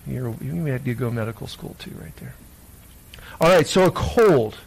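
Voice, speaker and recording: A man's voice: medium pitch, animated, normal speed, creaky, breathy edge, rough recording. A man preaching a children's sermon in church, reading scripture and then asking the children playful questions. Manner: playful, asks the listeners many questions. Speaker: pastor.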